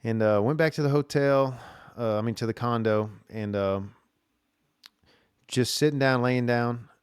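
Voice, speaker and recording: A man's voice: medium pitch, a little slow, clear, resonant tone, no room sound, clean studio sound. A man telling a rambling, casual story as a podcast host, saying "dude" and "like" a lot.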